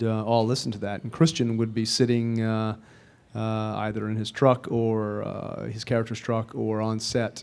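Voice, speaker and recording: Low, flat-voiced male film director. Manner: measured, deliberate, with occasional fillers. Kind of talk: press interview answers.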